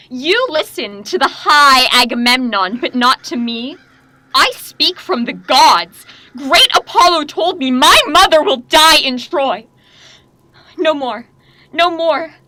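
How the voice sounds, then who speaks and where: A woman's voice: high-pitched, pushed and bright, full character voice. A young woman, a student actor, playing a raving young prophetess princess in a stage tragedy, swinging between frenzied cries and grief. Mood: bitter. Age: young adult. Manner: frenzied outbursts and anguished cries.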